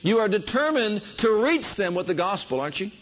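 A man's voice: sits high, sing-song, brisk. A man preaching a sermon, fervent and building enthusiasm, calling on his listeners to respond. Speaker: pastor. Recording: dull lo-fi sound.

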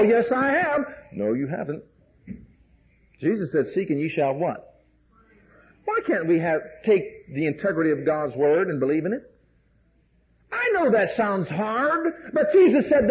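Preacher, high voice, folksy storytelling sermon, dull hissy tape. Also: male voice. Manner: folksy testimony with frequent "bless God" and "amen"; acts out dialogue, laughs while telling stories.

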